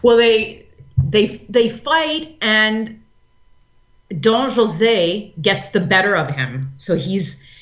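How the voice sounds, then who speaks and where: A woman co-hosting a podcast in casual chat, telling a story in an animated way and acting out quotes. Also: mid-range voice, very slow, dull audio. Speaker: podcast co-host. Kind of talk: casual chat, retelling an opera plot.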